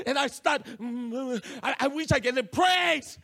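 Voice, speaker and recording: In a very high, gravelly voice, a pastor with a Singaporean English accent takes his time preaching. He tells a personal story animatedly, dropping in local slang.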